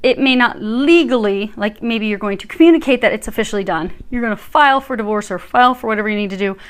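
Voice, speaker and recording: A woman talks through a tarot reading in a casual, emphatic way. Her fairly high voice swings up and down as she stresses her points. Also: fast, clean tone. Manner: chatty, emphatic, lively swings in pitch. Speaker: tarot reader.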